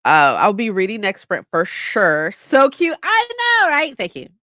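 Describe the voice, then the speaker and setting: Animated, playful young woman streamer. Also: mid-range voice, unhurried, dry recording. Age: 20s. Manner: playful, mock-dramatic, reads chat aloud. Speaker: livestream host. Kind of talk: casual livestream chat.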